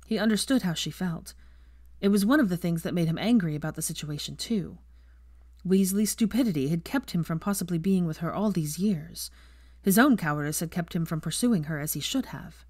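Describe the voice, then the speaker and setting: Woman narrator, fan fiction reading, calm and even, lowish voice, dry close sound. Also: fairly quick, dry recording. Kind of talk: storybook narration.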